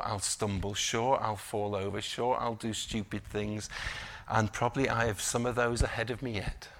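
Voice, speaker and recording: A man preaching a gravelly, bright-toned sermon. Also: medium pitch. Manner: emphatic rising delivery with slow stressed phrases; drops to quiet conversational asides. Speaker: pastor.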